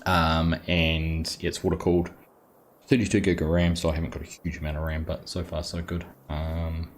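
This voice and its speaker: An Australian man with a low voice hosts a relaxed live gaming stream, greeting his viewers one by one. His talk is chatty and easygoing, full of ums. A faint hiss of noise sits behind him. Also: normal speed. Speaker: livestream host.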